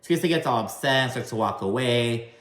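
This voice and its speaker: A man's voice: mid-range voice, animated, a little fast, a bit bright. Profane, gossipy man in a roomy space. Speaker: reality TV recap host. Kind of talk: casual video recap commentary.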